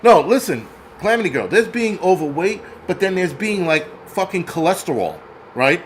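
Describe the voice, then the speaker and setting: A man's voice: sits high, big pitch swings, moderate pace, slight background noise, rough recording. A man hosting a show, ranting in a profane, mocking and exasperated way about people he finds ridiculous. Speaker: host. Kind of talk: angry ranting commentary.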